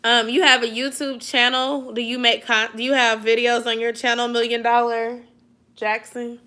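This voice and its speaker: A young woman with a bright, forceful voice chats loosely with her livestream viewers late at night. She is sleepy and yawning, dropping into drawling slang as she hands out friendly advice. Her pitch sits a little high for a woman. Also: flat delivery, normal speed. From Atlanta area, US. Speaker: YouTube livestream host. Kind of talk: casual livestream chat reading viewer comments.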